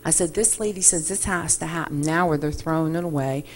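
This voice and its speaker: A middle-aged woman shares a faith testimony with a congregation, her voice sitting a little low. She tells it as an animated story and plays out every exchange. A faint background hiss runs under the recording. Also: a little fast. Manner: animated storyteller, acts out quoted dialogue. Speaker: ministry worker giving testimony.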